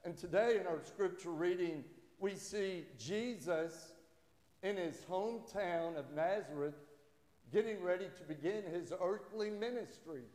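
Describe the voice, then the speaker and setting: A man's voice: high-pitched, darkish tone. Man, pastor, chatty sermon, echoey room. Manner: conversational, halting restarts, acts out quoted voices. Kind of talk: sermon with jokes and stories. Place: church sanctuary. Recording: echoey church hall with long reverb.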